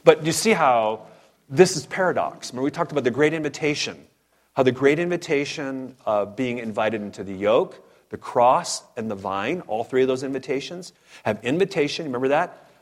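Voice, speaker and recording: A man delivering a sermon with lots of energy and a lively, swinging pitch. He talks fast in bursts, checks in with his listeners and slips in jokes between points. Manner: animated, fired-up preaching with asides and humor. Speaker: preacher.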